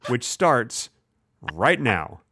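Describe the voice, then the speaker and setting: A man's voice: medium pitch, drawn-out words, breathy edge, dry recording, studio quality. A man co-hosting a comedy podcast, playful and silly, spinning absurd claims with mock seriousness. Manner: playful, absurd deadpan bits, animated. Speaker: podcast co-host. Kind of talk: casual comedic chat.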